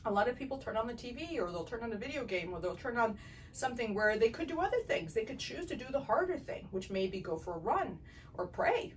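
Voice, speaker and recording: A woman eye doctor hosts a casual podcast and rambles from point to point. She is quick to laugh. Her voice sits slightly back from the mic, with a faint hiss of noise underneath. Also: fairly high pitch, sing-song, far from the mic, poor audio. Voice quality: chatty, digressive, quick to laugh.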